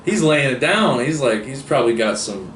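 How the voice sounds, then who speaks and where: A man's voice: medium pitch, sing-song, normal speed, fairly bright tone, faint music behind. A man giving a casual book review, rambling with many fillers and restarts. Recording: roomy echo, distant mic, faint hiss.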